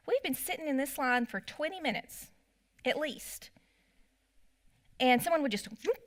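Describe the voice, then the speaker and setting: A woman's voice: fairly high pitch, sharp tone. A middle-aged woman, telling stories in a church parenting class and acting out her own remarks. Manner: chatty storytelling with quoted asides.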